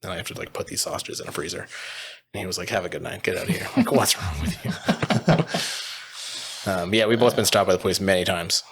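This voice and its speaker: Deep-voiced fast-talking man telling stories. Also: vocal fry. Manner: animated anecdotes with quoted voices and laughter. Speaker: butcher and sausage business co-owner, guest. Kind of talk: casual podcast storytelling.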